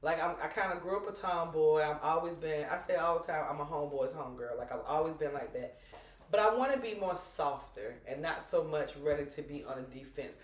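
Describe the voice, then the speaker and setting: A woman co-hosting a casual chat podcast, animated, telling stories and acting out dialogue with laughter. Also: sits low, brisk, reverberant, recorded from a distance. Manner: animated storyteller who acts out dialogue with laughter. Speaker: podcast co-host.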